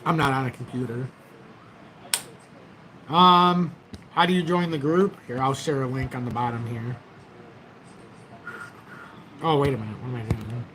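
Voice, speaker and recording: A man's voice: mid-range voice, measured pace, pauses often, noisy background. A man hosting a casual crypto livestream, rambling and chatty as he talks straight to his viewers through a tablet's built-in mic. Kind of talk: casual livestream market commentary.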